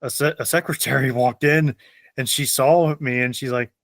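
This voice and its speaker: A man's voice: medium pitch, steady tone, normal speed, a bit bright, no room sound. A young man hosting a podcast, telling funny stories in casual chat and laughing often. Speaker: podcast host.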